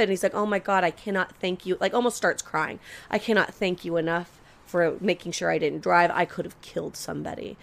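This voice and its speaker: Lively storytelling woman, low voice. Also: fairly quick, vocal fry. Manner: animated storyteller, acts out quotes, swears freely. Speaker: podcast co-host. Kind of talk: casual storytelling chat.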